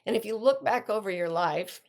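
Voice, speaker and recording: An older woman hosting a reflective casual talk, telling stories in an animated way and often restarting mid-sentence. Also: mid-range voice, brisk. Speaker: podcast host and life coach.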